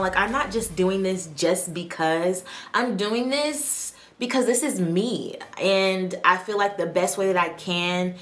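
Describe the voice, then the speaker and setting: A woman's voice: on the low side, a bit bright. A woman vlogger chatting to camera from her desk in a spontaneous, heartfelt way. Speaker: vlogger and aspiring actress. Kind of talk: casual chat to camera.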